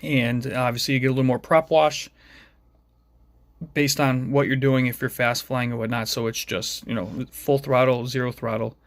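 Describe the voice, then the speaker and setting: A man's voice: mid-range voice, flat delivery, normal speed, no room sound. Mumbling, chatty man in a dry room. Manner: mumbling, chatty, self-deprecating asides. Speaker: FPV drone hobbyist showing his build. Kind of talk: casual rambling tech vlog.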